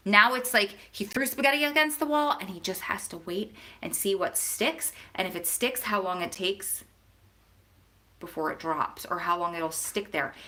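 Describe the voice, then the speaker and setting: Bright-voiced chatty woman vlogger. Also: medium pitch, normal speed. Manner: chatty, talks straight to viewers. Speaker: vlogger answering viewer questions. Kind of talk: casual chat.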